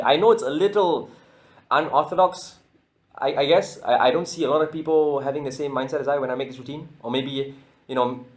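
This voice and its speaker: A man casually explaining how he built his beatbox routine, excited, often stuttering and repeating words. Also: medium pitch. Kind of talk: casual spoken breakdown.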